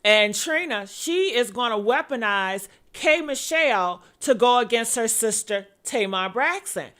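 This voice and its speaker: A woman hosting a live-stream celebrity gossip vlog, sassy and animated, calling her viewers honey. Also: fairly high pitch, unhurried. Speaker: gossip vlogger. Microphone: earpiece.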